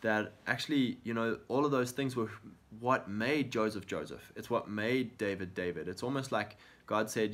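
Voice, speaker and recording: A man's voice: on the low side, normal speed, few pauses, a bit bright. A man co-hosting a faith talk show, speaking earnestly and encouragingly, often acting out prayers as quotes. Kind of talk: conversational Christian encouragement.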